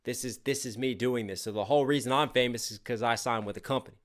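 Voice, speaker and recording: A man's voice: mid-range voice, fairly even intonation, fast talker. A man hosting a music reaction channel, chatting casually and eagerly picking apart the lyrics as he thinks aloud.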